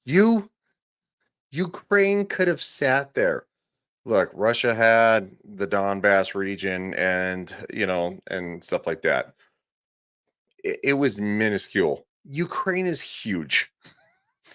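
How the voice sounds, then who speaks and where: Slow-talking, profane male streamer. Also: low-pitched, animated, fairly bright tone. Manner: profane, sarcastic, laughing asides. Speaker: streamer reacting to a podcast clip. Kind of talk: casual live commentary.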